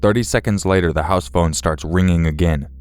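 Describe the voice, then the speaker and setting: A man narrating true horror stories in a steady, measured, scripted read. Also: low voice, clear, resonant tone. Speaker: story narrator.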